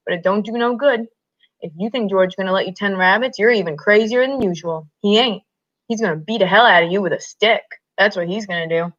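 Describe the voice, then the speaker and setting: A woman's voice: medium pitch, fairly bright tone, lightly acted. A woman voicing a scornful giant male rabbit that taunts and sneers, in a slightly muffled recording. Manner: sneering, harsh.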